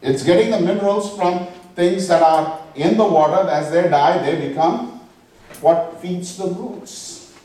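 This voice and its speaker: A man's voice: high voice, measured pace, mellow. Preaching man, echoey and off-mic. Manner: preaching with rhetorical questions and scripture quotes. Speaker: pastor. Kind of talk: sermon. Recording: echoey room, voice from far off the mic.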